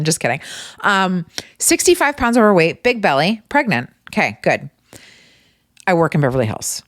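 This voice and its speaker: A woman hosting her own podcast, telling funny stories in a casual, animated way and swearing freely. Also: lowish voice, a little fast, no room sound, studio quality. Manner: animated, profane, exasperated storytelling. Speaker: podcast host. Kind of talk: casual comedic storytelling.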